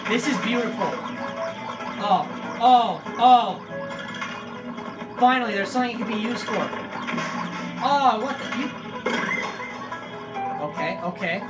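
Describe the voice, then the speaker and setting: A hoarse young gamer whose voice is nearly gone, talking slowly and drawn out between sudden yelled outbursts at the screen. Game music plays clearly underneath the commentary. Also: medium pitch. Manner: loud outbursts and heavy swearing at the game. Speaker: gaming channel host. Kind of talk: excitable let's-play commentary.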